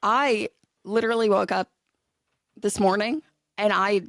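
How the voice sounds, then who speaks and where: A woman's voice: medium pitch, steady tone, unhurried, a bit bright, dry recording. A woman in her thirties co-hosting a casual podcast, self-deprecating and quoting herself dramatically. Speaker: podcast co-host. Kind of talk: casual chat.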